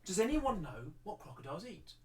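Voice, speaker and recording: A man voicing a patient male crocodile keeper in a put-on South African accent, asking questions with halting repeats. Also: high-pitched, big pitch swings, darkish tone, reverberant. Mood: questioning.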